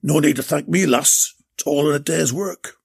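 A man voicing a blunt male shop owner with a gravelly voice. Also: fairly high pitch, moderate pace, noisy background. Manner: blunt, matter-of-fact.

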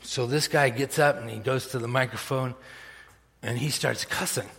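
A man's voice: medium pitch, moderate pace, creaky, fairly bright tone, long reverb tail. A man preaching a sermon, telling a story unhurriedly with chuckles and many fillers. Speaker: pastor. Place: church sanctuary.

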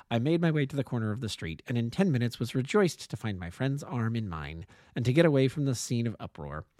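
A man's voice: medium pitch, darkish tone, dry recording, studio quality. A man, an amateur narrator, reading a classic detective story aloud and now and then correcting small slips.

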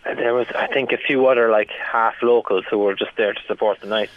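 A man, a stand-up comedian telling animated anecdotes with laughs and restarts in an interview. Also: lowish voice, brisk, crowd noise. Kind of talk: casual storytelling interview. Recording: tinny phone-like line.

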